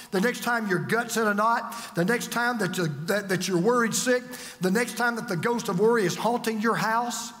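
A man preaching a sermon as pastor, swinging from forceful lines to hushed, drawn-out words. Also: extremely high pitch, in a large hall.

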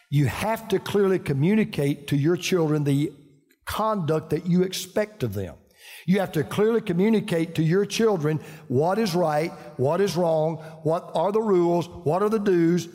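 A man's voice: high voice, dark tone, big-room sound. An older man with a Southern US accent, preaching a folksy sermon full of stories and restarts. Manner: folksy, storytelling, frequent restarts. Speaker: pastor.

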